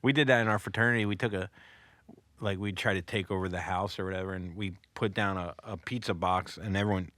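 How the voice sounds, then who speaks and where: A male comedian telling stories in a casual podcast chat, animated, laughing and swearing often. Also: sits low, fast, no room sound.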